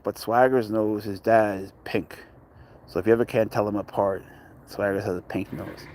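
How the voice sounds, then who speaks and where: Rambling man chatting at a dog park. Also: on the low side. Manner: joking, talks to his cat and greets viewers. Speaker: pet owner vlogger. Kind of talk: casual rambling chat.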